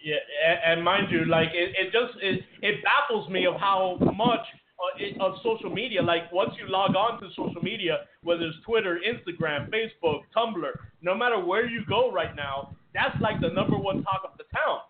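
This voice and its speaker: A high-pitched man co-hosts a radio-style podcast. He rambles and stumbles over his words, restarting his sentences and laughing often. The sound is thin and tinny, like a phone line. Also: moderate pace, noisy background. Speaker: radio show co-host. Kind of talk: podcast interview.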